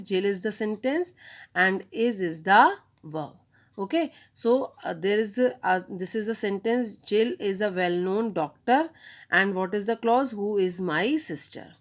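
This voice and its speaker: Woman, grammar teacher, patient and repetitive, mid pitch. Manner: explains slowly, repeats examples, asks the class "okay?". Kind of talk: classroom grammar lesson.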